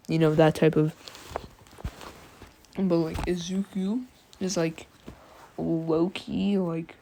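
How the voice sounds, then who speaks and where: A woman's voice: sits low, flat delivery, takes it slowly, darkish tone. A sleepy woman telling a fan story in a casual, slangy, drawling way with many fillers.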